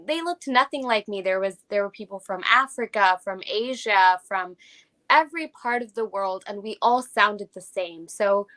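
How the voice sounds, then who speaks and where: Young woman, American accent, bright clear tone, reflective storytelling, interview guest. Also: mid-range voice, moderate pace. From Japan. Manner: reflective, many fillers like "you know".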